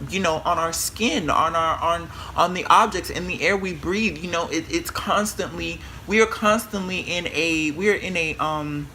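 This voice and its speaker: Man, spiritual reader, sassy profane pep talk, forceful bright tone, fairly high voice. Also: a little hiss or hum. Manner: brash, animated, swears freely, calls the viewer bitch and girl; repeats and restarts words when excited.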